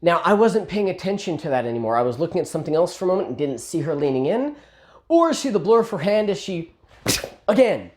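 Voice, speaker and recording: Man, casual story time, animated and self-mocking, voice swings up and down. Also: a little high, fast.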